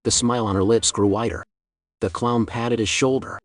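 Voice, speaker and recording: A man narrating a comic story recap in a steady storytelling read. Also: fairly low pitch, normal speed.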